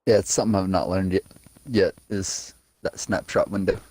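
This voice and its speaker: A man's voice: sits low, moderate pace, darkish tone, dry recording. A man in a casual voice chat with a friend, ranting bluntly and swearing often.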